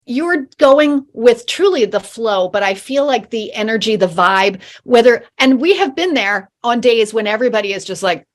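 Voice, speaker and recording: A middle-aged woman talking on a video call, her voice sitting a little high. She tells her stories with animation and acts out the voices of people she quotes. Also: lively intonation, normal speed, hardly any pauses. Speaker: program participant. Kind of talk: casual chat on a video call.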